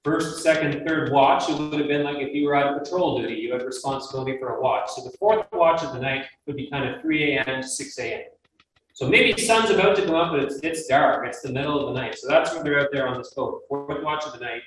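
A man's voice: fairly high pitch, brisk, a bit bright. Earnest guy teaching the bible, asks the room questions, super echoey hall sound. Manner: earnest, emphatic, rhetorical questions to listeners. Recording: very echoey room, mic at a distance, faint noise.

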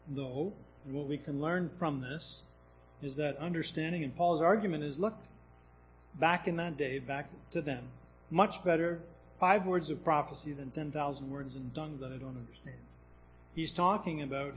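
A man's voice: on the high side, a little hiss or hum, poor audio. A man preaching a sermon, teaching from scripture in a conversational way, asking questions and often restarting his sentences.

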